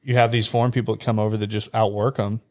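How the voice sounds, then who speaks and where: A man's voice: fairly low pitch, flat delivery, fast, a little mellow. A young man co-hosting a podcast, chatting casually and sharing strong opinions. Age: young adult. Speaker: podcast co-host.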